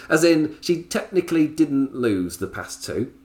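Animated, chatty man. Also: a little high, a little slow. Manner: chatty, laughs often, drifts into tangents. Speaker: podcast host reviewing wrestling. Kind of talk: casual solo podcast review.

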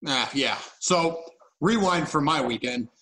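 A man's voice: on the high side, animated, a little slow, pushed and bright, poor audio. A young man co-hosting a podcast, telling a story in a casual, self-mocking way. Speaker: podcast co-host. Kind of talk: casual chat.

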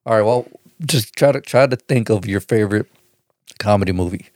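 A man's voice: lowish voice, a little fast, darkish tone, dry recording, studio quality. A man co-hosting a crude, casual chat, swearing often and laughing at his own jokes. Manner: profane, laughs often, puts on silly accents. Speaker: podcast co-host.

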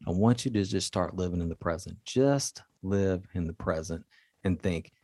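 A man's voice: low-pitched, normal speed, mellow, slightly rough, no echo. A man giving earnest relationship advice in a motivational talk, speaking straight to his listeners in a coaching way.

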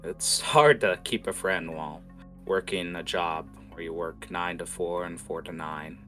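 A man voicing a downcast, worn-out man who speaks softly and hesitantly in a tabletop game. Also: low-pitched, fairly even intonation, a little slow, faint music behind. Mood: gloomy. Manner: soft, subdued, hesitant. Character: glum, worn-out man, a hollow shell.

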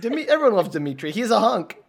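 A podcast guest in casual chat with a lively, swinging pitch. They trade short, dry and wry quips. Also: quick pace, creaky.

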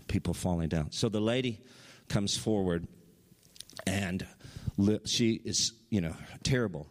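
A man preaching a sermon, telling stories with excitement and his voice jumping up high at the big moments. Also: measured pace, big-room sound. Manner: excited storytelling, voice rising high at highlights. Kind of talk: sermon testimony.

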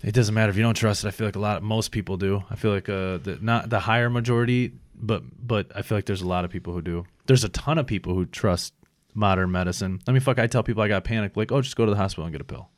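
Laid-back low-voiced man in his thirties. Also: fast talker, no room sound. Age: 30s. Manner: stumbles over foreign names, profane, laughs easily. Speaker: podcast co-host. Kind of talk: casual podcast chat reading facts aloud.

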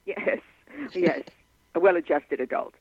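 A woman hypnotist, a guest in an interview, who tells client stories in an animated way and acts out the quotes. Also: on the low side, unhurried, no echo. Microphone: telephone. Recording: tinny dry phone line.

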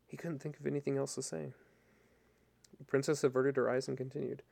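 A male narrator reads a novel aloud, steady and unhurried. His voice is gravelly and warm, with a dark, mellow tone. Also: mid-range voice.

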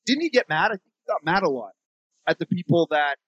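Animated, high-voiced man laughing through chat. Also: fairly quick, slightly rough, no room sound, lo-fi sound. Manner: laughs often, swears freely, joking and animated. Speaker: podcast co-host. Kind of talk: casual chat. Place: temporary studio.

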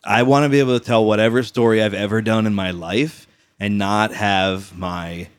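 A man's voice: fairly low pitch, fairly even intonation, normal speed, clear, resonant tone, dry recording. A man on a casual podcast, telling rambling stories full of fillers and restarts. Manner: rambling storyteller, frequent fillers.

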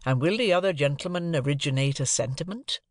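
A man reading an audiobook, voicing a secretive, sly stranger who asks slow, probing questions. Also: fairly high pitch, lively intonation, no echo, clean studio sound, natural voice. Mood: coaxing. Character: secretive, sly middle-aged male stranger.

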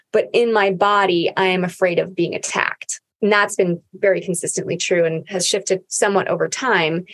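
A woman hosting a podcast, speaking candidly and earnestly about personal experience in a casual conversation. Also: medium pitch.

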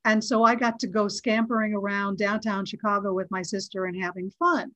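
Speaking a little fast at medium pitch, a middle-aged actress relates a story in a casual interview. She is lively and voices the quoted dialogue, and the recording is dull and dry with no room sound.

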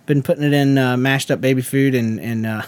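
A man's voice: medium pitch, steady tone, a little fast. A man who is a podcast co-host and pastor in casual chat, loose and joking. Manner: loose, joking, fond of tangents.

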